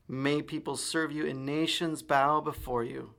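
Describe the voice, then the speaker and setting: A man's voice: fairly high pitch, fairly even intonation, measured pace, creaky, a bit bright. A man reading the lines of an old blind father giving a solemn blessing.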